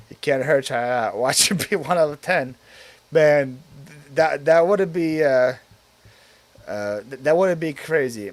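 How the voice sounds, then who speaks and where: A man's voice: a little high, no echo. A man hosting a casual live stream, rambling with lots of filler words and reading viewer comments aloud before answering them.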